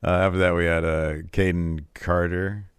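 A man's voice: moderate pace, smooth, no echo, studio quality. A man co-hosting a podcast, chatting casually about a wrestling show and acting out what was said. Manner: animated, acts out quotes with big pitch jumps. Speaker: podcast co-host. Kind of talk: casual wrestling recap chat.

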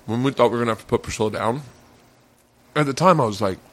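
A man's voice: medium pitch, fast talker. A man hosting a podcast, chatting casually and telling stories with lots of swearing and acted-out quotes. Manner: animated storyteller, swears freely, acts out quotes loudly. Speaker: podcast host. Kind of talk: casual chat. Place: home mancave.

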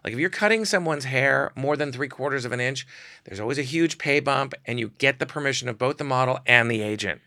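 Gravelly, bright-toned male storyteller. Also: medium pitch, a little fast, dry recording, clean studio sound. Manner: animated storyteller acting out quoted voices. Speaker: photographer guest. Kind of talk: comic storytelling.

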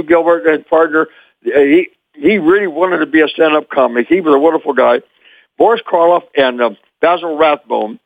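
An older man from Memphis, Tennessee, telling animated stories as an interview guest and chuckling often. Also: a little high, gravelly, dry recording, phone-quality sound. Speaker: guest, former child actor. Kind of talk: anecdotal storytelling.

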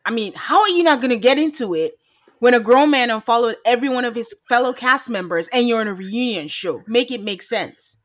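A woman's voice: on the high side, expressive, fairly quick. A woman co-hosting a podcast, recapping a reality show in casual chat, laughing often and acting out quotes. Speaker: podcast co-host.

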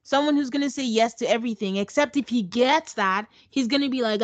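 A woman's voice: on the high side, lively intonation, moderate pace, dry recording. A woman co-hosting a casual recap chat, blunt and sarcastic as she retells what happened. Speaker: podcast co-host.

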